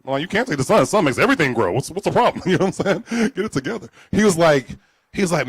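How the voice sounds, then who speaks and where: A man telling a story live on stage at a storytelling event, profane and animated, acting out both sides of a conversation. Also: on the high side, racing, slightly rough, no echo. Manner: animated, profane, acts out dialogue.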